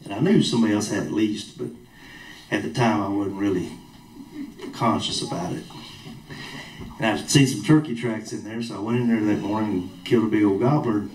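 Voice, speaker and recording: A man's voice: on the low side, a little fast, pauses often, a little mellow. A man preaching a sermon in a church hall, telling a personal story in a folksy, plain-spoken way. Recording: roomy echo from a distant mic.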